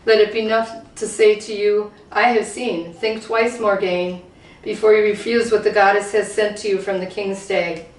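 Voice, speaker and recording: A woman's voice: mid-range voice, fairly even intonation, moderate pace, natural voice. Woman reading aloud as a grave, ageless fairy queen in a storybook reading; echoey hall, distant mic. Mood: solemn. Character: ancient regal fairy woman, calm and solemn. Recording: roomy hall, voice from far off.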